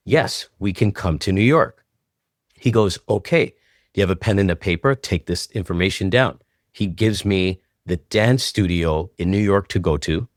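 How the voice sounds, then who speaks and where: Low-voiced man telling a lively story. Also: dry recording, studio quality. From Canada. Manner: acts out both sides of old phone calls, voice jumping up when excited. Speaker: guest choreographer. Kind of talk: animated storytelling in an interview.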